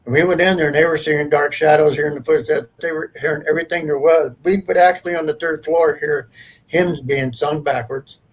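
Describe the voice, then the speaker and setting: A man's voice: a little high, fairly even intonation, a little fast, slightly rough, low-quality recording. A man, a paranormal investigator, telling a long ghost story in a rambling, earnest, casual way.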